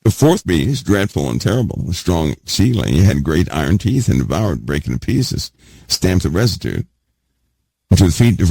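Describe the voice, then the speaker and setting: A man's voice: low voice, vocal fry, darkish tone, husky, dry recording. A man teaching a Bible sermon emphatically, repeating key words and putting questions to his listeners. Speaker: preacher.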